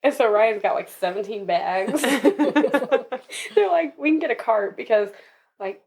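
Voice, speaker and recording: A woman's voice: on the high side, expressive, slow, a little mellow. A young woman, a podcast guest, telling her birth story casually and with animation, laughing often and acting out what others said.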